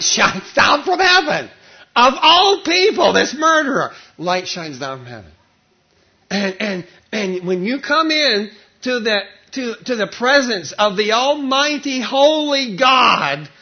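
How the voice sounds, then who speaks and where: A male pastor preaching a sermon, telling a story animatedly with lots of repetition, on a dull, lo-fi recording. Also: high-pitched.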